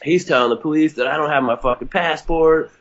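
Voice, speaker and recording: A man's voice: fairly high pitch, fairly quick. Rambling, foul-mouthed male storyteller. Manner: rambling and profane, with lots of fillers; animated, raising his voice for other people's lines. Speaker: podcast guest. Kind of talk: casual storytelling. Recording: slightly dull lo-fi sound.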